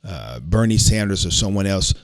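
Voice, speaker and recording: Older man, low voice, earnest podcast host with a preacher's cadence. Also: sing-song, normal speed. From Alabama, USA. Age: 60s. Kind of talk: casual storytelling chat.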